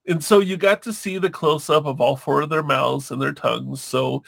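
A man's voice: fairly high pitch, vocal fry, fairly bright tone. A man reviewing a movie in casual chat, rambling, laughing often and acting out scenes.

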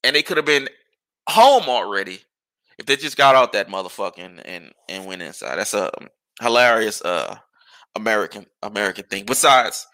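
A man delivers a casual podcast rant, his voice gravelly with a bright, forceful edge. His pitch swings widely as he fires off exasperated rhetorical questions, and he curses freely. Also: normal speed. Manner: animated, exasperated ranting with profanity and rhetorical questions. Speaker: podcast host. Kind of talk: casual ranting monologue.

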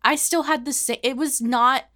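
Bright-toned woman talking candidly. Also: high-pitched, steady tone, normal speed. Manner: candid, drops to a hushed tone on hard memories. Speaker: podcast co-host. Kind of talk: casual chat.

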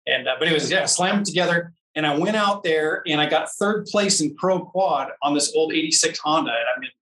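A man's voice: fairly high pitch, a bit bright, echoey room, far from the mic, poor audio. A man casually telling a story about off-road racing, rambling and searching for words, often acting out what others said. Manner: rambling, searches for words, acts out quoted dialogue. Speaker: off-road racer.

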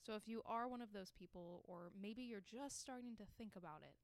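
A young woman hosts her own podcast in a casual solo monologue, speaking fairly quickly in a mid-range voice. She sounds earnest and encouraging, often restarting her sentences, and the recording is dry.

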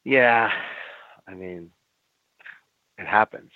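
A man's voice: on the low side, no echo. An older man, a former wrestler, telling blunt stories in an interview, swearing and acting out both sides of old arguments. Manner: blunt, swears, acts out dialogue in quick back-and-forth. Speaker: guest, former pro wrestler. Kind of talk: candid storytelling in an interview. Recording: dry, phone-like audio.

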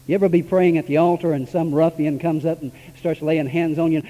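A man with a high, mellow voice preaches a heartfelt testimony sermon, moving from hushed confession to raised, exclaiming appeals. His words ring out through a church sanctuary, trailing a long reverb. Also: fast, few pauses. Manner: emotional storytelling preacher, swings from hushed to high exclaiming, chuckles.

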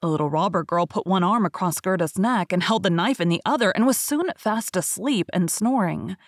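A woman podcast host reading a fairy tale aloud in a calm, even narration. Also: lowish voice, brisk, no echo, clean studio sound. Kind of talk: storybook reading.

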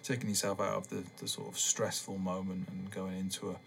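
A man hosting a podcast, rambling in a relaxed, meandering way with many pauses and ums. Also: deep voice, vocal fry, slight background noise. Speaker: podcast host. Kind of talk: casual rambling monologue.

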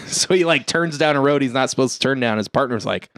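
A man's voice: medium pitch, fairly quick, few pauses, a bit bright, dry recording, studio quality. A man co-hosting a casual podcast, retelling a movie plot and acting out the characters in bursts of swearing and laughter. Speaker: podcast co-host. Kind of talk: casual movie recap chat.

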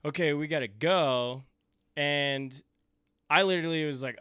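A man's voice: fairly high pitch, a little slow, smooth, no room sound, clean studio sound. A man hosting a podcast in casual chat, telling stories with energy, acting out quoted dialogue and swearing freely. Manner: animated storyteller, acts out quotes, swears freely. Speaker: podcast host.

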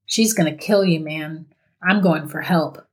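A frightened young man pleading urgently and cursing in panic, as a woman narrator puts him on. The voice sits fairly low, with drawn-out words that sound as if they come from a little farther off the mic. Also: breathy edge.

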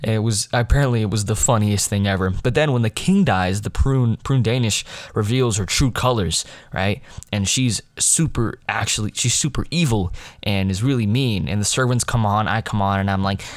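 A high school boy tells a meandering story in a relaxed vlog, slipping into fillers and restarts and laughing at his own tale. His voice sits on the low side for his age group, and the recording is dry and close with no room sound. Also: moderate pace, no room sound. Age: teens. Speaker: high school student vlogger. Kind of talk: casual storytelling.

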